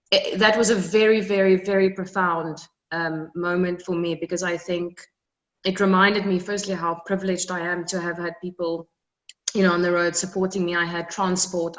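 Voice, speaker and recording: Young south african woman, interview guest, earnest and reflective, lowish voice. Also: a bit bright, low-quality recording. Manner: reflective, earnest, repeats words when moved. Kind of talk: emotional personal storytelling.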